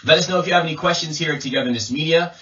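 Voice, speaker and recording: A man as an English coach, giving a slow pronunciation lesson and repeating sounds as drills. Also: on the high side, fairly bright tone. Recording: distant mic, dull lo-fi sound.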